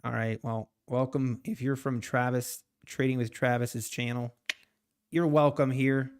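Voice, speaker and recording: A man's voice: mid-range voice, fairly even intonation, measured pace, clean tone. Chuckling man live-streaming his trading. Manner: rambling, laughs often, answers chat. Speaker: live-streaming day trader. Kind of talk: casual live-stream chat.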